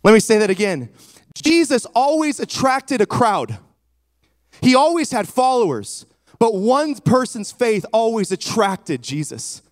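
A man's voice: very high voice, big pitch swings, measured pace, no echo, studio quality. A man preaching a sermon with emphasis, retelling a scripture story and calling out to his congregation.

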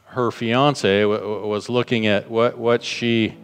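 A man's voice: mid-range voice, level tone, takes it slowly, over music. A man preaching a sermon, telling a story and acting out the people in it, repeating phrases for emphasis. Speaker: pastor. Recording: long hall reverb.

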